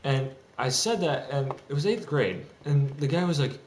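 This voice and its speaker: A young male streamer rants in an agitated, profane monologue that rambles and keeps restarting. His medium-pitched voice moves with lively intonation at normal speed. The echoey home room carries faint typing and light background noise.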